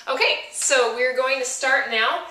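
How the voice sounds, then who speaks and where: A young woman gives a singing lesson, explaining each step and breaking into short sung demonstration notes. Her voice is bright and clear, set a little high. It rings with a strong room echo, caught from a few steps away. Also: unhurried. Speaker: voice teacher. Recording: echoey room from far off.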